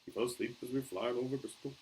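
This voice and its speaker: A man reading a storybook aloud and voicing a huge, wild, bearded giant with rough, countrified speech. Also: medium pitch, racing, a little mellow, a little hiss or hum, voice pushed up, close to an everyday voice, rough recording. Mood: earnest.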